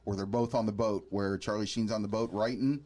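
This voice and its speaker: A man's voice: lowish voice, fairly even intonation, fairly quick, darkish tone. Rambling man chatting about movies. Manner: rambling, restarts often while recalling names. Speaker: podcast co-host. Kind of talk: casual chat about movies.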